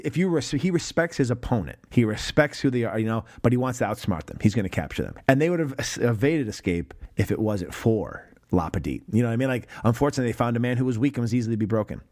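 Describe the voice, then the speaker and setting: A man in casual podcast talk about a film scene, animated and rambling, with frequent restarts, swearing and quick laughs. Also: medium pitch. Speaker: podcast guest or co-host.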